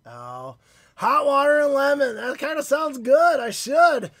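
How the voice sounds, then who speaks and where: A chatty, upbeat man hosting a live stream, greeting viewers by name in a fairly high voice that swings widely up and down. His voice is phlegmy and starting to give out, and the sound is close and dry. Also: sing-song, measured pace, fairly bright tone, dry recording. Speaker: card-breaking stream host.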